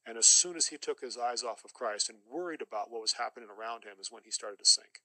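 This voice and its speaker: A man's voice: mid-range voice, fast talker, bright, forceful tone, no echo, rough recording. A middle-aged man giving an earnest, emphatic personal testimony as a podcast guest, often repeating phrases for weight.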